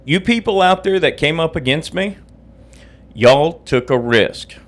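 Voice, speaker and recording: A man's voice: fairly high pitch, lively intonation, measured pace. A middle-aged man, hosting his own podcast in a profane, agitated rant just after waking up. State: just woke up, drinking coffee. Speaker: podcast host. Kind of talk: angry personal podcast rant.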